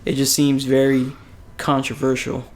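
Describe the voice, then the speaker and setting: Male co-host, everyday mid pitch, blunt and profane in casual talk. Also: completely flat delivery, moderate pace, background noise. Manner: blunt, profane, rambling opinions. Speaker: podcast co-host. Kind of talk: casual podcast chat.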